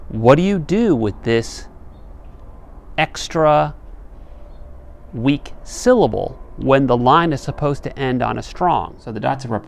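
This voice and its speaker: A man giving a slow, deliberate lecture on poetic meter, sounding out words syllable by syllable. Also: medium pitch, creaky, slight background noise. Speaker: literature teacher.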